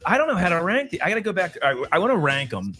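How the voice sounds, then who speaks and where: A man's voice: high voice, big pitch swings, very fast, sharp tone. A man hosting a casual whiskey tasting show, joking and teasing his co-hosts. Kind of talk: casual chat.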